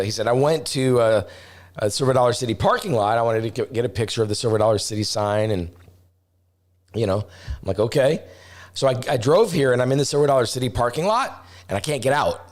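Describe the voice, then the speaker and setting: A middle-aged travel vlogger tells a story casually, rambling and restarting, and gets animated as he acts out voices. He speaks briskly in a medium pitch.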